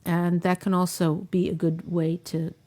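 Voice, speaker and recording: A woman's voice: lowish voice, flat delivery, unhurried, mellow. A woman hosting an advice talk show, giving frank counsel and acting out sample conversations. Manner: gives frank advice, acts out sample dialogues.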